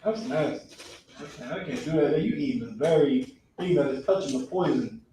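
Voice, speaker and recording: A man teaching a religious class in a classroom, animated and acting out people's reactions with mock voices. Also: a little high, brisk, slight background noise. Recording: echoey room, far from the mic.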